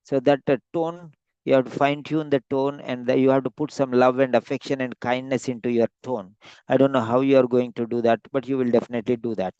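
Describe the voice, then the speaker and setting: A man coaching a student, giving rambling spoken feedback with many pauses, heard through dull lo-fi audio. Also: mid-range voice, flat delivery, warm tone, smooth, no echo. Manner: rambling, many fillers and restarts. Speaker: speaking coach. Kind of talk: spoken feedback on a practice exam.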